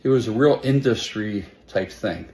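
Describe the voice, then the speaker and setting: A man's voice: on the low side, moderate pace, a little mellow. An older man talking into his phone on a livestream, rambling and short of breath. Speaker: clip of a singer on a livestream. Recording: roomy clip with faint background noise.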